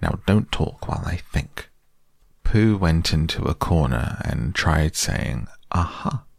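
A man reading a children's classic softly and calmly as a bedtime audiobook, close to the mic. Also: extremely low pitch, gravelly, no room sound. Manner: soft and calm. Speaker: podcast narrator.

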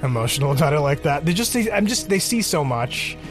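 Brief: male co-host, lively swoop in pitch, sarcastic rants, faint music under. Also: a little fast. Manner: animated, sarcastic, swears. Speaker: podcast co-host. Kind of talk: casual reaction chat.

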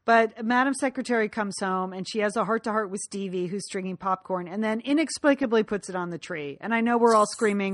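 A woman co-hosting a casual chat, recapping a TV episode with quick asides and frequent laughs. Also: mid-range voice. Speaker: podcast co-host.

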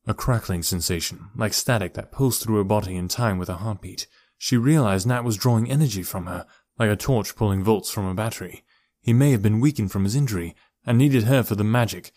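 A man's voice: lowish voice, a little mellow, dry recording. Male audiobook narrator, dry close sound. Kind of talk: scripted narration.

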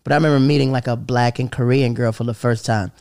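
Casually storytelling at a fast clip, a comedian from the American South rambles, peppers his talk with "like," and acts out the people in his anecdotes. His voice is medium-pitched, fairly even, and a little mellow, in clean studio sound without room reverb.

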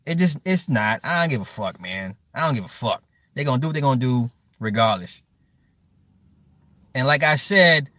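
On a dry recording, a man with a slightly high, somewhat bright voice hosts a livestream and talks to his chat. His rant is blunt, profane and rambling, full of stammers and repeated words, and he keeps breaking off to thank and answer viewers.

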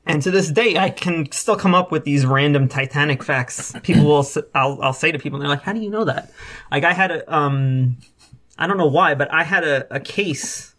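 A man's voice: on the high side, moderate pace, fairly bright tone. Rambling young man chatting. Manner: rambling, swears casually, many fillers. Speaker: podcast co-host. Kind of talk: casual chat.

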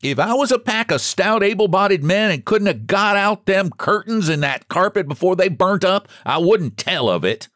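A man voicing a frantic, stubborn countrywoman who raises a fire alarm in shrill, urgent country speech. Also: expressive, normal speed, hardly any pauses, a bit bright, dry recording, studio quality. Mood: indignant.

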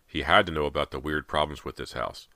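A man's voice: very deep voice, fast talker, pushed and bright, no room sound, clean studio sound, heavily acted. A man doing a frantic, rattled father. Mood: insistent. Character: shaken, frantic middle-aged father.

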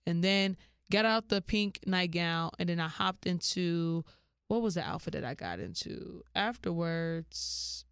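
Animated woman telling a story. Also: unhurried, vocal fry, clear, resonant tone, dry recording, clean studio sound. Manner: animated, slangy, jumps into high-pitched quoted voices. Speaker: podcast host. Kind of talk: casual storytelling monologue.

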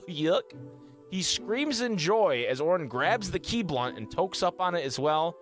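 An animated man reads a silly fan script aloud on a comedy podcast, his pitch bouncing as he goes. He sits a little high for a man, with faint music underneath. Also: measured pace. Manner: animated, laughing through narration. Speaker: podcast host.

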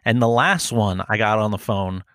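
A man co-hosting a podcast in casual chat, telling animated stories, acting out phone calls and swearing freely. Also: lowish voice, moderate pace, dry recording, clean studio sound. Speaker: podcast co-host.

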